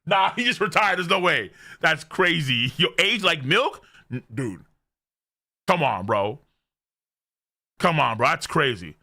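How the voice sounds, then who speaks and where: A young man of medium pitch and normal speed hosts a live stream reacting to a manga, excitable and cursing freely as he reads character lines aloud. The recording is dry and studio quality.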